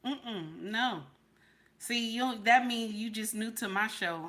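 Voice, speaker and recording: A woman vlogger on a live stream chats casually, repeating herself and addressing her chat viewers directly while reacting to videos and chat. Her voice is a little high, slow, and pushed with a bright edge.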